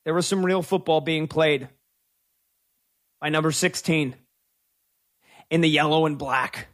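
A man hosting a call-in sports talk radio show, giving strong opinions with drawn-out emphasis on key words. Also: fairly high pitch, fairly bright tone.

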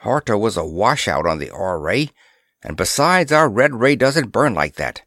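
A man's voice: fairly low pitch, very animated, normal speed, a bit bright, no echo, clean studio sound, heavily acted. A man doing a wry, knowing navigator. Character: wry, confident male navigator.

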